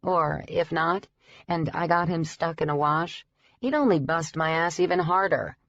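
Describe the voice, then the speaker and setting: A woman reading a first-person audiobook in a steady, even storytelling delivery. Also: low voice, unhurried, no room sound. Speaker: audiobook narrator. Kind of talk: scripted first-person narration. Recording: dry, slightly dull recording.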